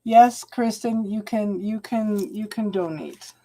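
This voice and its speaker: A woman's voice: mid-range voice, mellow. A woman giving a live-streamed tarot reading to her viewers. She halts and repeats phrases and calls people hun. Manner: halting and repetitive, restarting phrases and calling viewers hun. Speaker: tarot reader.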